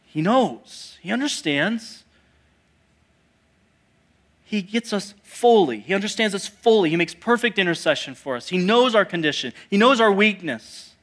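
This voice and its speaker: A man with a somewhat high voice preaches a sermon as a pastor. He drops into quiet, almost hushed asides, then climbs to loud, forceful declarations. He keeps asking the congregation rhetorical questions. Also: lively intonation, unhurried.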